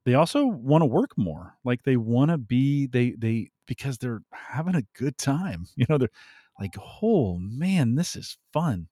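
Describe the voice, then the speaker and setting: A man talking as a podcast guest in an animated way, laughing often and pushing up his voice for emphasis. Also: mid-range voice, moderate pace, no echo, clean studio sound. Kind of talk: conversational interview.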